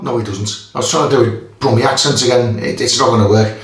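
Man, Merseyside accent, casual vlog host, rambling with fillers, distant mic. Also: medium pitch. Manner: rambling, self-deprecating, halting with fillers. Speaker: shaving channel host. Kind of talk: casual product demo vlog. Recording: roomy echo from a distant mic.

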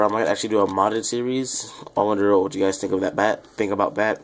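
A young man rambling through casual game commentary, self-deprecating and chatty with viewers, with a quiet voice that sounds off the mic. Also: lowish voice, fairly even intonation, normal speed, gravelly. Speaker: gaming YouTuber. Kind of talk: casual Let's Play commentary.

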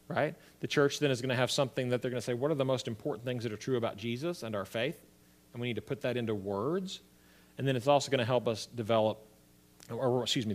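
A man, a pastor, teaching a church history class in a conversational lecture style, often checking in with his listeners. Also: mid-range voice. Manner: conversational, checks in with "right?" and "okay?".

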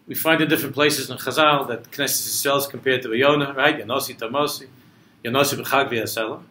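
A male rabbi teaching a Torah class to a travel group goes through a text line by line, weaving in Hebrew and Aramaic quotes and building to impassioned emphasis. His medium-pitched voice is bright and forceful, with fairly even intonation and a quick pace, recorded in a roomy space with a little hiss or hum.

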